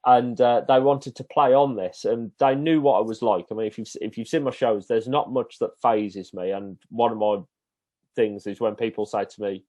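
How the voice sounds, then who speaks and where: A man's voice: on the low side, fairly even intonation, normal speed, dark tone. A man from the Black Country with a Black Country accent, a podcast guest and event presenter who tells stories in casual chat and acts out other people's voices. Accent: Black Country English. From Black Country, England.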